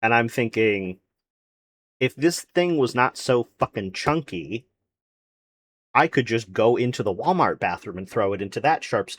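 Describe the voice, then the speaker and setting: A man streaming, chatting casually and rambling about his day, swearing freely. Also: on the low side. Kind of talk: casual chat to a live stream chat.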